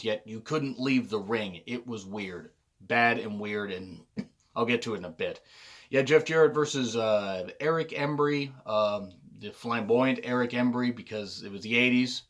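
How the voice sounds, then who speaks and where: A man giving a blunt, sardonic wrestling review in a casual monologue, swearing often and clearing his throat now and then. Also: medium pitch.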